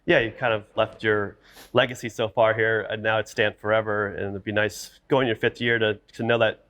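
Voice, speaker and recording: A man with a fairly low voice hosts a sports podcast and interviews his guest. He talks conversationally and fills his questions with small hesitations. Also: little pitch movement, moderate pace, a bit bright. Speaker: sports reporter and podcast host.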